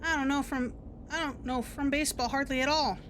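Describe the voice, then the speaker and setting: Woman doing a hesitant, apologetic accountant guy, high voice. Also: steady tone, a little fast, a bit bright, a little hiss or hum. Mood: meek. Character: meek, apologetic male team accountant.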